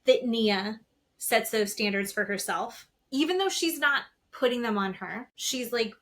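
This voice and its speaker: A woman co-hosting a podcast, recapping reality TV in casual chat, animated, acting out quotes and swearing freely. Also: a little high, unhurried. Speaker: podcast co-host.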